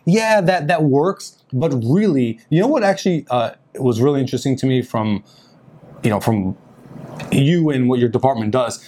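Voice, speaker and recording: A man hosting a marketing podcast, talking casually with lots of fillers and quick laughs. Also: medium pitch. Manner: animated, laughs often, many fillers. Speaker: podcast host.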